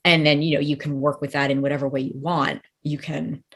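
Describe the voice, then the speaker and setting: A woman's voice: sits low, flat delivery, a little fast. A woman dog trainer in a casual interview chat, talking in a thoughtful, rambling way and hedging her points.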